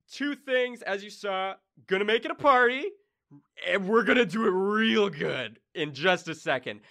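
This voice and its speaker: A man voicing a flamboyant, party-loving male god of bliss who talks loud and breezy. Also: high-pitched, pitched above the performer's own voice.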